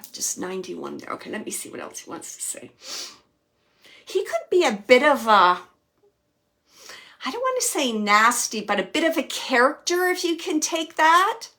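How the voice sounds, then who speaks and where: A psychic medium hosts a live spirit-reading chat in a medium-pitched voice. She's talkative and frequently laughs, conveying quoted messages in a lively way, and her voice falls to soft murmurs as she searches.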